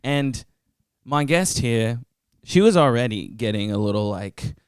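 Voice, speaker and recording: A woman hosting a podcast, casual and quick to tease her guest. Her voice is smooth and resonant, recorded dry and close with no room sound. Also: extremely low pitch, animated, no room sound. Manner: joking, chatty, teasing. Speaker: podcast host.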